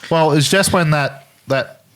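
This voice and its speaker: A man's voice: on the high side, unhurried, a bit bright, smooth. An Australian man, a podcast guest, chatting casually and laughing easily about a fishing trip. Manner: laid-back, laughs easily. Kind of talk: casual chat.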